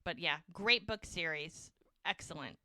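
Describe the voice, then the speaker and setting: A woman's voice: low voice, lively intonation, unhurried, pushed and bright, no echo, clean studio sound. A woman co-hosting a podcast, retelling scenes in casual chat and acting out the quoted lines. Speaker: podcast co-host.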